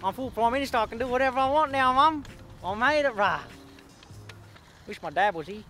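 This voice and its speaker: Man doing a brash Aussie eshay lad, cocky slang, high-pitched, sharp bright tone, faint music under. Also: animated, fairly quick, full character voice. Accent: Australian. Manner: cocky slangy swagger, ends lines with bruh and lad. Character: brash young male eshay street lad as prime minister. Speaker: comedy sketch creator. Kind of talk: comedy sketch character.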